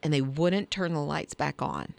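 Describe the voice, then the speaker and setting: A woman's voice: deep voice, moderate pace, creaky, slight background noise. A woman co-hosting a morning radio show, telling stories in casual on-air chat and laughing easily. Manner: animated storytelling, laughs easily. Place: radio studio. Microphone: studio microphone.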